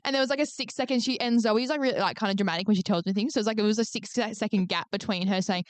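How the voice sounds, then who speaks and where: A young woman co-hosts a podcast, talking in a loose, rambling way with plenty of fillers and swearing. Her voice is smooth and resonant. It is recorded dry and close in a studio. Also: mid-range voice, very fast, no echo. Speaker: podcast co-host. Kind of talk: casual chat.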